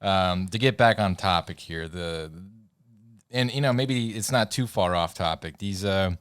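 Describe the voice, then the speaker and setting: A man's voice: low voice, a little slow, fairly bright tone, clean tone, dry recording, studio quality. A man co-hosting a podcast, telling stories in a rambling, laughing way and losing his words now and then. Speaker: podcast co-host. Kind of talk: casual podcast chat.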